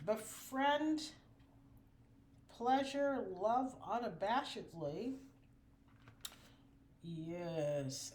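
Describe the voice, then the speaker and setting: A woman giving a spiritual oracle card reading, drawn-out and preachy, full of affirmations. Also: medium pitch, darkish tone, slight background noise.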